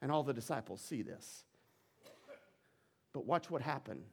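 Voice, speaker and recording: A man pastor preaching a sermon, telling Bible stories with animated energy and building intensity. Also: unhurried, vocal fry, breathy edge. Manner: animated storytelling, rising in pitch and volume during dramatic retellings.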